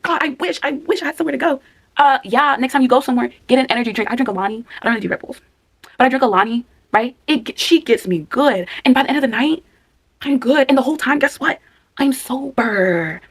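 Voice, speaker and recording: Emphatic young woman with a gravelly edge. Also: a little high. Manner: emphatic, repeats phrases for stress, acts out her own thoughts. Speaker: vlogger giving life advice. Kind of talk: casual direct-to-camera advice talk.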